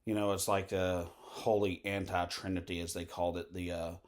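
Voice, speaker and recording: Man, lowish voice, rambling vlog monologue, lots of fillers and tangents. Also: little pitch movement, normal speed. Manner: meandering, full of fillers and asides. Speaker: vlogger.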